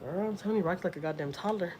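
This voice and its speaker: A woman's voice: on the low side, rapid-fire, darkish tone, husky. A woman from Houston with a Southern accent, chatting casually on a home livestream, blunt and salty, and talking to her cat now and then. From Houston, Texas. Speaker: vlogger. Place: home, indoors.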